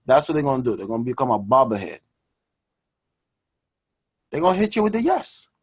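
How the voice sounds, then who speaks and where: A man hosting a personal finance show, talking to his audience in an energetic, preachy way and calling them guys. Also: mid-range voice, a little fast, husky. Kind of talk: energetic motivational money talk.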